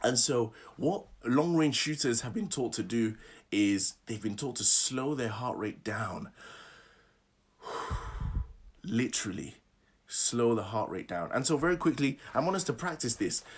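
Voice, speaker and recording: A man's voice: medium pitch, lively intonation, normal speed, slightly rough. A man coaching public speaking, leading listeners through affirmations and laughing often. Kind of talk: live online workshop talk.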